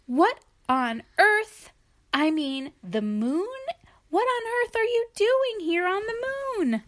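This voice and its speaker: A woman's voice: very high voice, expressive, slow pace, fairly bright tone, voice pushed up, heavily acted. Brief: woman playing a haughty male hippo, indignant and grand, storybook read-aloud. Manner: pompous, indignant. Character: pompous, self-important male hippo on the moon.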